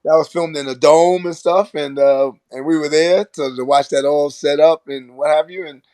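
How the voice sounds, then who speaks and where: An older man from Brooklyn, New York, a former basketball player and coach, telling animated stories in a casual interview and often acting out what people said. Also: on the high side, moderate pace, no echo. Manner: animated storyteller who acts out quoted lines and laughs often.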